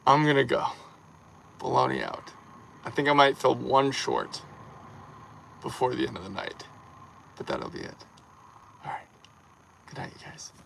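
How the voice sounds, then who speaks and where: A man hosting a casual livestream, playful and warm toward his viewers, his voice slightly hoarse and tired. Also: medium pitch, huge pitch swings, measured pace, long pauses, poor audio. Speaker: livestream host.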